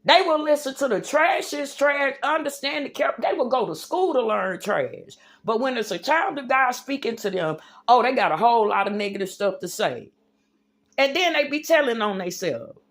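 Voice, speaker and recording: Her delivery sing-song and moderately paced, a slightly high-voiced woman preaches emphatically to her livestream audience. She addresses them as y'all and baby in a fervent religious rant.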